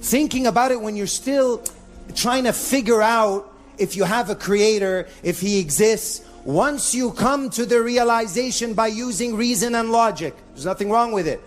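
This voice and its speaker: A man preaching a lively live sermon to an audience, mixing Arabic phrases into English, in a venue with a sound system. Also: high voice, moderate pace, soft background music. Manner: animated, mixes in Arabic phrases.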